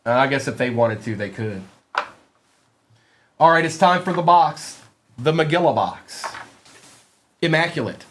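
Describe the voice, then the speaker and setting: A man's voice: on the high side, animated, unhurried, long pauses, a bit bright, slight background noise. Chatty man hosting a card break. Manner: chatty, calls out cards while rambling; joking, playful asides to chat. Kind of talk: live stream card-break chat.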